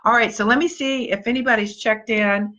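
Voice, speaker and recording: A woman's voice: a little high, steady tone, fairly quick, sharp tone. A woman leading a live-stream pep talk, encouraging her team and greeting viewers by name in an upbeat way. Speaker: motivational speaker and team leader.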